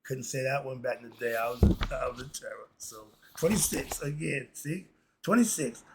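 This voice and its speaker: A man's voice: mid-range voice, moderate pace, slight background noise. A man casually reading a list of moral principles and commenting in a laid-back, chuckling way, with loose slang. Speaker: host.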